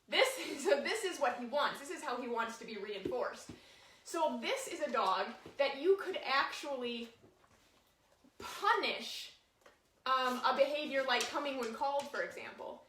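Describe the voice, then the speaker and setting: A woman's voice: high voice, a bit bright, a little hiss or hum. A woman dog trainer giving a casual lesson, talking chattily and showing points with her dog as she explains. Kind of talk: casual instructional talk. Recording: echoey room, voice from a distance.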